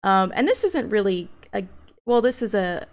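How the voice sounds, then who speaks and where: A young woman, a graduate student, gives a casual academic presentation in a medium-pitched voice with big pitch swings at normal speed, reading book passages aloud. She often hesitates with ums and uhs, and gets blunt and profane when worked up.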